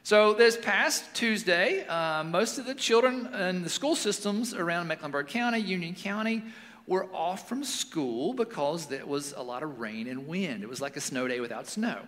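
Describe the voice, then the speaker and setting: A man in his forties, a pastor giving a sermon in a relaxed, storytelling way with casual fillers. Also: high voice, normal speed. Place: church sanctuary. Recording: long reverb of a large hall.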